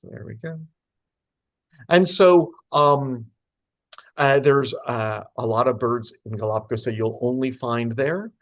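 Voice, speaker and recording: A man's voice: medium pitch, a little slow, dull audio. Chatty man lecturing on birds. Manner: chatty, many fillers, playful asides. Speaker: speaker giving a talk to birders. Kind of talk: casual lecture with slides.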